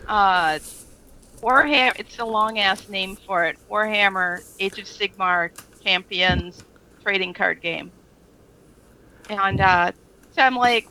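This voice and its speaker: Slow-talking gravelly woman chatting. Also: mid-range voice, sharp tone, poor audio. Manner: chatty, rambling storyteller with frequent fillers and laughs. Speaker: podcast co-host. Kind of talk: casual chat.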